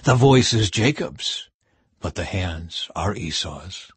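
A man voicing an old blind father who speaks with a slow, solemn cadence. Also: deep voice, lively intonation, slightly rough, dry recording, heavily acted. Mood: tender.

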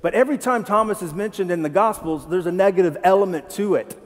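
Man, pastor, sermon, high voice, conversational, questions to the congregation, long church reverb. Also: quick pace. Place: church sanctuary.

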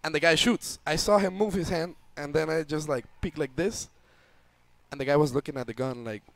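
A young man casually telling a story on a stream, loudly acting out the voices in it. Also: on the high side, brisk, no echo. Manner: animated, acts out voices loudly. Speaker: guest storyteller.

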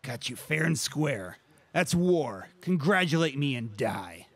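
A wounded soldier villain gloats over his enemy in a slow, taunting drawl, as a man voices him in an audio drama. The voice is dry and close, with a boastful edge. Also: medium pitch, very animated, creaky, a bit bright, breathy edge, no echo, exaggerated voice. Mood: gloating.

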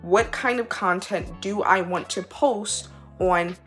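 A woman's voice: medium pitch, slow pace, a bit bright. A woman vlogger and pole dancer in casual chat to camera, rambling and leaning on "like" fillers. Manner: chatty, rambling, leans on "like" fillers. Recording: reverberant room with faint music.

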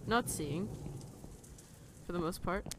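A woman's voice: lowish voice, takes it slowly, background noise. Jittery young woman playing a horror game. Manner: jittery, nervous laughter, swearing when startled. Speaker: let's play gamer.

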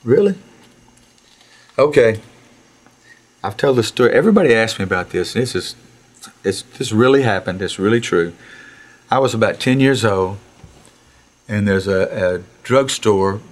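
A man, casually telling anecdotes in a recording studio, animated and chuckling, acting out quotes. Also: on the low side, normal speed, long pauses. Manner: animated storyteller who chuckles, acts out quotes and restarts sentences. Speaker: musician interview guest.

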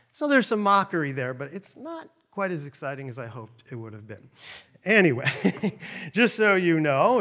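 A middle-aged man teaches a Bible passage in a relaxed, conversational way. His voice sits a little high, and he chuckles often. When he voices the quotes he gets louder and more forceful. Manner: animated, laughs often, acts out quotes loudly.

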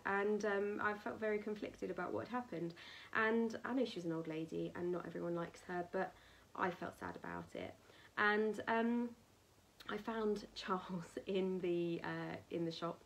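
A woman chatting to camera about a haul, rambling with ums, little laughs and soft whispered asides. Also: medium pitch. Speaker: vlogger showing a merchandise haul. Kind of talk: casual chat to camera.

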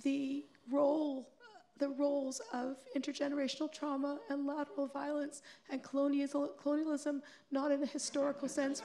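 A woman's voice: high voice, completely flat delivery, normal speed. A woman moderating a public conversation, asking long questions with fillers and easy laughter. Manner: warm, laughs easily, filler words. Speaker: interviewer and moderator. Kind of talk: public interview on stage. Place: stage at a public event.

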